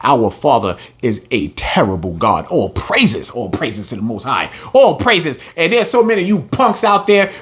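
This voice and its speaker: A religious teacher with a medium-pitched voice reads scripture verses aloud at a moderate pace, barely pausing. He breaks into heated, emphatic commentary, animated throughout and swinging between reading and loud preaching.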